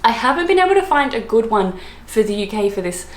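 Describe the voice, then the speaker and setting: A woman from Australia with an Australian accent, chatting casually to camera in a rambling way, laughing often and filling pauses with ums and likes. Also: fairly high pitch, very animated, echoey room. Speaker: vlogger. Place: room, lived in London.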